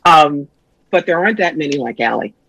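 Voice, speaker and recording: A middle-aged woman, a guest psychic and author, telling stories in a brisk, wry, punchy way in a casual interview. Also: sits low, animated, a bit bright, husky, no room sound. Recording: dull lo-fi sound, dry.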